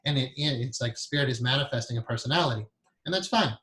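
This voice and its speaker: Talking fast in a medium-pitched, slightly bright voice, a man rambles casually through a hypnotherapy lecture for his class. He's chatty, filling his speech with fillers and correcting himself often.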